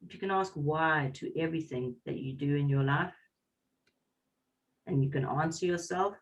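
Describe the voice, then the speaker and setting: A man from South Africa delivers an earnest, motivational message over a video call. His voice sits a little high, and he builds his points in a repetitive, preachy rhythm. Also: moderate pace, long pauses, recorded from a distance, dull audio. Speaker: business partner closing a call. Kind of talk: motivational talk.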